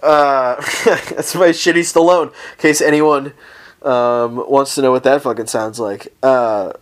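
A man's voice: mid-range voice, measured pace. A man hosting his own podcast, ranting profanely and rambling comically while lying down at home. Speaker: podcast host. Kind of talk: casual solo podcast rant.

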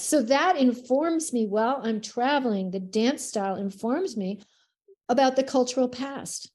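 A middle-aged woman, a dance teacher guesting on a podcast, telling stories in a lively, expressive way. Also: fairly high pitch. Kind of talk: casual podcast conversation.

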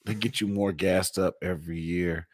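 A man's voice: deep voice, fairly even intonation, moderate pace. A man in casual sports banter, blunt and teasing, laughing often.

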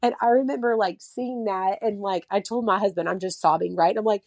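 A woman's voice: mid-range voice, brisk, few pauses, darkish tone, no echo. Chatty thirties woman, story-driven podcast talker, quotes people in little voices, dry close sound. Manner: chatty storyteller, many fillers, acts out quotes. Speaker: mother of a child with a heart condition. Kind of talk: casual podcast conversation.

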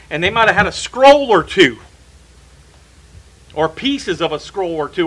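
A man's voice: on the high side, a bit bright, low-quality recording. A man preaching a sermon in a church, emphatic and repeating key phrases for stress.

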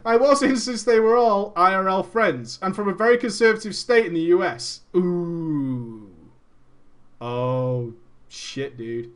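A man's voice: sits high, measured pace, fairly bright tone. A man streaming, reading a story aloud and breaking off into mocking asides and frequent laughter.

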